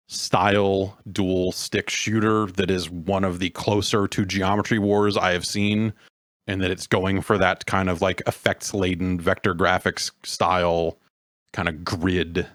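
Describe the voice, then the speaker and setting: A man hosting a casual podcast, rambling and halting, with dry sardonic remarks. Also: deep voice, a bit bright, no room sound. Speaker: podcast host. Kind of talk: casual chat.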